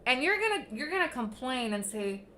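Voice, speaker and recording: A woman's voice: high-pitched, big pitch swings, brisk, sharp tone, slight background noise. A young woman hosting a casual livestream, venting bluntly and with plenty of swearing at critics in the comments. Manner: blunt, profane, ranting at critics. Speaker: livestream host.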